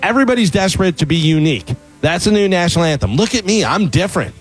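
A man with a somewhat high voice reads a scripted open letter as a comic rant. His delivery is sarcastic and mocking. Faint music plays underneath the recording. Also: expressive, quick pace, slightly rough. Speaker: comedy segment writer.

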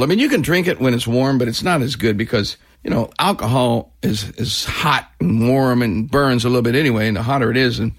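Husky older man hosting a rock countdown. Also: mid-range voice, brisk, hardly any pauses. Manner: loose, rambling storyteller, energetic. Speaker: radio countdown host. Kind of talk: casual radio chat.

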